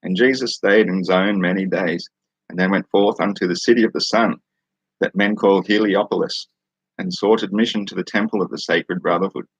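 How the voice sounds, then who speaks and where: Laid-back husky Australian man. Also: low voice, steady tone, dry recording, highs cut off. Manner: laid-back, chuckling, unhurried. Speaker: livestream host. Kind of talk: casual chat and reading aloud from a book. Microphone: studio microphone.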